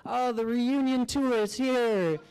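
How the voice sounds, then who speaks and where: A man voicing a giddy chorus of guardian spirits in a high, giggly, excited way. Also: takes it slowly, clean tone, low-quality recording.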